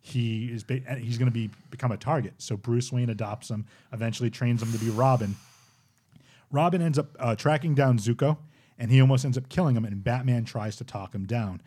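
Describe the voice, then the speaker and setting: Podcast host, man in his 40s, quick delivery, keen plot recapper. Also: mid-range voice, dark tone, breathy edge. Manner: retells cartoon plots eagerly. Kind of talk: casual chat.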